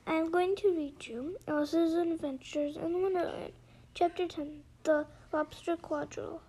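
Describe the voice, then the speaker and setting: A woman reading a classic storybook aloud in a measured, even storytelling manner. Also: very high voice, rough recording. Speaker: storybook reader.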